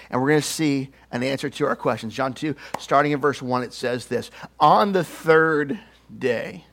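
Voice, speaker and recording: Man, pastor, high voice, animated sermon, playful put-on voices, joking.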